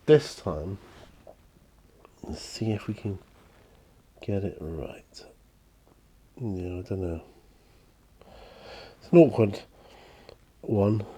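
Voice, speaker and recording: A middle-aged man chatting casually while painting miniatures, soft-spoken and rambling with many fillers. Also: low-pitched. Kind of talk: relaxed paint-along chat.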